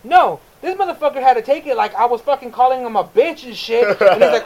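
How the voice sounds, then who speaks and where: High-voiced man telling profane stories. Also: fast, rough recording. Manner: swears heavily, laughs through stories. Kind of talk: profane casual storytelling.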